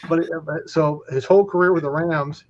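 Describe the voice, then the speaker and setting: A man's voice: a little high, fairly even intonation, normal speed, a little mellow, dull audio. A man who works as an equipment manager, telling rambling anecdotes on a talk show, with many restarts. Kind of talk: casual storytelling chat.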